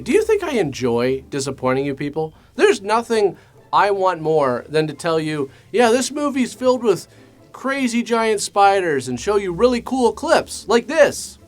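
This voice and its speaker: A man hosting a comedic movie review, talking with sarcastic, deadpan asides. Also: fairly high pitch.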